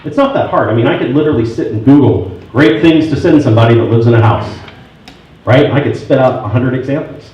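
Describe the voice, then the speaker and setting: In a meeting room at a real estate sales meeting, a man gives a talk, telling stories and acting out both sides of phone calls. His mid-range voice is fast and darkish, recorded in a very echoey room so that it sounds distant, dull and muffled, with faint noise.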